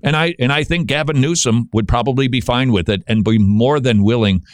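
A man's voice: medium pitch, fairly quick, dry recording, studio quality. A man hosting a talk radio show, delivering a monologue full of wry, joking asides.

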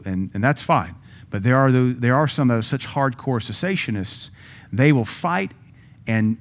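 A man preaching to his church congregation. His pitch sits at an ordinary middle level, and his delivery is conversational, with emphatic rises and self-deprecating asides along the way. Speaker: pastor. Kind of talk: sermon. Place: church sanctuary.

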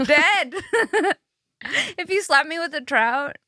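Giggly woman podcast cohost, high bouncy voice, bright and dry. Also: expressive, takes it slowly, no echo. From Irish heritage. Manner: giggly, teasing, laughs often. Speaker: podcast co-host. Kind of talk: casual chat. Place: comedy club.

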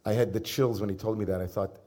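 A man, a rabbi, giving a sermon to a congregation, telling a personal story in a casual, humorous way with pauses and fillers. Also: on the low side, fairly even intonation, mellow. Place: synagogue service before a congregation.

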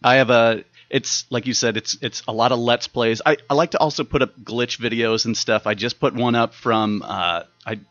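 A man's voice: medium pitch, moderate pace, few pauses, fairly bright tone, no echo, dull audio. A man guesting on a podcast, easygoing and jokey. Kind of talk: casual chat.

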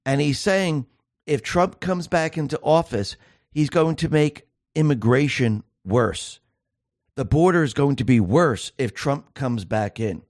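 A man's voice: mid-range voice, expressive, unhurried, darkish tone, dry recording, studio quality. A man hosting a solo political commentary show, talking emphatically and piling up rhetorical questions.

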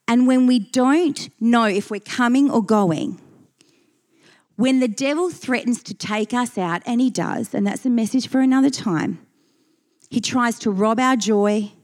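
A woman's voice: on the high side, lively intonation, measured pace, darkish tone. A woman preaching a sermon, earnest and emphatic, reading scripture and repeating key phrases for weight.

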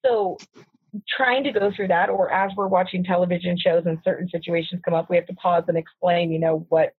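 A woman in a casual parenting chat, speaking earnestly with halting restarts. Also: on the low side, fairly even intonation, slightly rough, no echo. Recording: tinny phone-like line.

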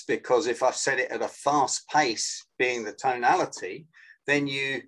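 Animated man explaining on a call. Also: medium pitch, moderate pace, poor audio. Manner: lively, animated explaining, acts out phone greetings. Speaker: guest, sales and influence trainer. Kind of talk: explanatory interview talk. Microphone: video call.

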